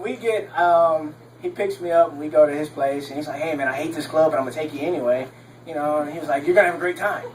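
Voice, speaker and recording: A man's voice: on the high side, recorded from a distance, low-quality recording. A young man from Texas doing a stand-up comedy set on a club stage, rambling with lots of ums and laughing at his own jokes.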